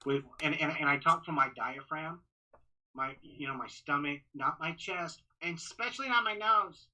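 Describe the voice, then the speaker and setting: A man, a ring announcer, talking casually on a podcast in a halting way with many restarts. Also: fairly high pitch, pushed and bright, low-quality recording. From Texas. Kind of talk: casual interview talk.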